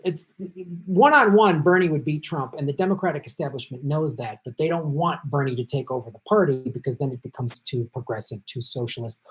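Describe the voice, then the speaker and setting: Blunt profane male stream host. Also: fairly high pitch. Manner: blunt, profane, swings from mutters to loud outbursts. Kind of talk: live-stream political commentary.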